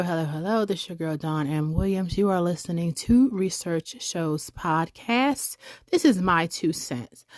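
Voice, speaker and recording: A woman's voice: lowish voice, no room sound, studio quality. A woman hosting her own podcast in a chatty, digressive way, often correcting herself mid-sentence. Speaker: podcast host. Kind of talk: casual podcast monologue.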